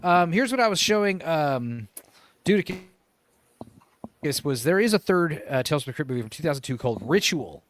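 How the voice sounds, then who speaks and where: A man hosting a casual podcast, chatting about movies in a rambling way, with many pauses and self-corrections. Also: a little high, big pitch swings, slight background noise. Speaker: podcast host.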